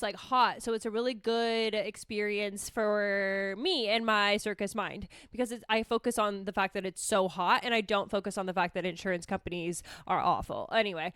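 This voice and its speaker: A woman's voice: on the high side, fairly bright tone, clean tone, no room sound, studio quality. A woman therapist hosting a casual solo podcast, talking candidly with lots of swearing and self-mockery. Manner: candid, chatty, swears freely, self-mocking.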